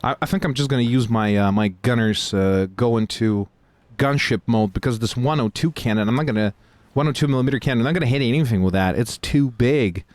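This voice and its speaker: A man hosting a livestream, chatting casually while playing a game, easily distracted and excitable. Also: mid-range voice, brisk, hardly any pauses, dry recording. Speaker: stream host playing a game.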